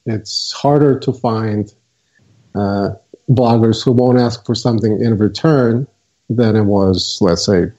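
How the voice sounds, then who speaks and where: Mellow guy talking slow and careful, lots of ums, muffled lo-fi sound. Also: on the low side. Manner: measured, hesitant, many fillers. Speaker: guest, software co-founder. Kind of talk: casual interview talk. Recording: dull lo-fi audio.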